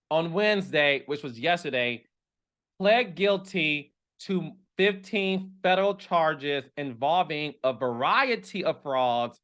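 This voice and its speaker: A man hosting a reality TV gossip commentary, dramatic and sassy, talking straight to his viewers. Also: a bit bright. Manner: dramatic, sassy, addresses viewers directly, leaps to high exclamations. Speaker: host of a reality TV gossip show. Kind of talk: animated casual commentary.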